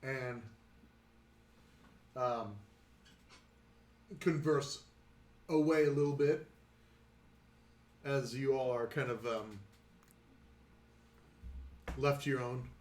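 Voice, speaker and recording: A man's voice: medium pitch, fairly even intonation, extremely slow, long pauses. A man narrating as game master of a tabletop role-playing game, telling the story unhurriedly with frequent fillers. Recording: roomy echo.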